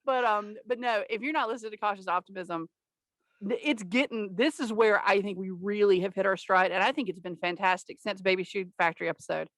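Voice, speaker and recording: A woman chatting casually as a podcast guest, blunt and quick to laugh, swearing freely. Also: mid-range voice, a bit bright, dry recording. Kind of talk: casual chat.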